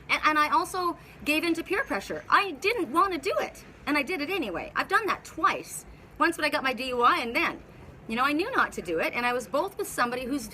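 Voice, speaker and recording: A woman's voice: fairly high pitch, bright, forceful tone, slight background noise. A woman spiritual teacher talking casually on a live video, telling a story in a rambling way with many restarts. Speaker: spiritual teacher and oracle reader.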